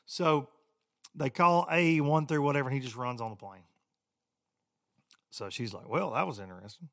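A man's voice: medium pitch, animated, unhurried, fairly bright tone, no echo, clean studio sound. A middle-aged man hosting a podcast, telling a story in a chatty, rambling, self-deprecating way and talking straight to his listeners. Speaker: podcast host.

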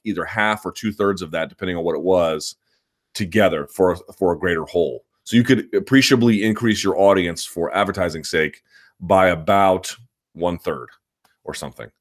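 A man's voice: sits low, brisk. A man hosting a live chat, answering viewer questions in a rambling, self-assured way, often restarting his sentences. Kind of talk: live chat, casual and opinionated.

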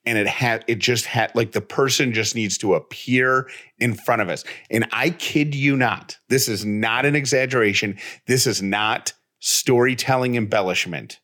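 A man's voice: medium pitch, normal speed. A man co-hosting a podcast, casually telling a story and acting out the dialogue as he goes. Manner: animated, retells with quoted dialogue. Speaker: podcast co-host.

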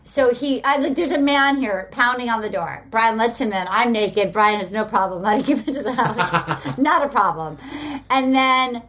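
A woman hosting a podcast in casual chat, an animated storyteller who acts out what people said. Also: a little high, normal speed, slight background noise. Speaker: podcast host. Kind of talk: casual chat recapping a reality show.

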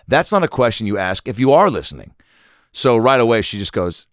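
A man's voice: on the low side, big pitch swings, moderate pace, no room sound, clean studio sound. A man hosting a podcast, telling a rambling, profane, self-mocking comedic story. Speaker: podcast host.

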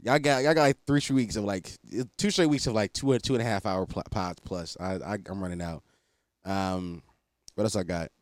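A man's voice: fairly low pitch, normal speed, no echo, studio quality. A young man hosting a solo podcast, rambling casually with lots of swearing and self-deprecating asides. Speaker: podcast host.

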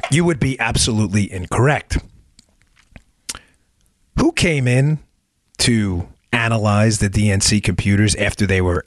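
A man's voice: fairly low pitch, fairly bright tone, no echo, clean studio sound. A man hosting a political podcast, talking emphatically and sarcastically, firing rhetorical questions at his listeners. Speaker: podcast host. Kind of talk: political commentary monologue.

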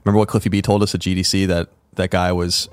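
A man's voice: sits low, flat delivery, fast, dry recording. A man co-hosting a podcast in casual chat, with dry, teasing banter. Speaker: podcast co-host.

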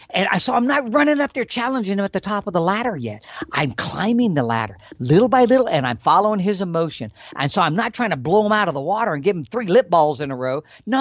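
A man explaining elk calling tactics in a folksy, animated storytelling manner. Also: sits high, no room sound, lo-fi sound. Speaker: elk hunting instructor.

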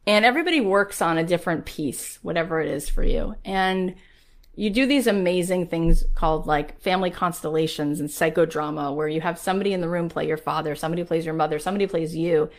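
A woman in her forties, a podcast host, telling a personal story to her listeners in an earnest, emotional way, often asking "right?" and saying "like". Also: on the low side. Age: 40s. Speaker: podcast host and business coach.

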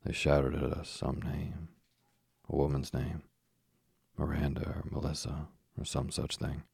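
Very deep, gravelly male narrator. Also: flat delivery, unhurried, darkish tone, no room sound, studio quality. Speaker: audiobook narrator. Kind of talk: first-person literary narration.

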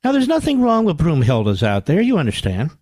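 A man's voice: wildly swooping pitch, a little fast, a little mellow, dry recording. An older man hosting a political radio talk show, combative and mocking, sarcastic in tone. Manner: swings from low growls to high exclamations. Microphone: studio microphone.

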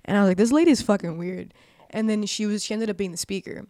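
A woman's voice: mid-range voice, fast talker, dark tone, no room sound. Young woman guest, twenties, swearing a lot, lots of "like", acts out quotes, dry close sound. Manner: profane, heavy use of "like". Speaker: podcast guest. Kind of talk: casual storytelling.

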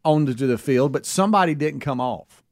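A man's voice: mid-range voice, lively intonation, a little fast, a little mellow, dry recording, clean studio sound. A male radio co-host in casual chat, explaining details matter-of-factly.

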